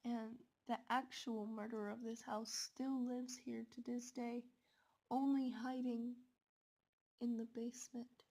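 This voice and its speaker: A woman voicing the ghost of a murdered man, sad at first then sinister, spoken in a slow, hushed way. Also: a little high, flat delivery. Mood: pleading.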